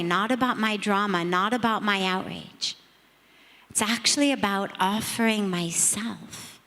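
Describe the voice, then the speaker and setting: A middle-aged woman, a spiritual teacher, telling a reflective story to an audience in a measured, earnest, emphatic way. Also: medium pitch, fairly bright tone. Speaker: spiritual teacher speaking on a panel. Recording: long reverb of a large hall.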